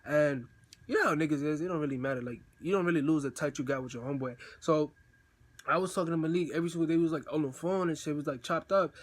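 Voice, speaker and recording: A man's voice: a little high, quick pace. A young man telling a personal story in a casual, slangy way, acting out the messages he sent in quoted voices. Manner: slangy, animated, acts out texts in quoted voices.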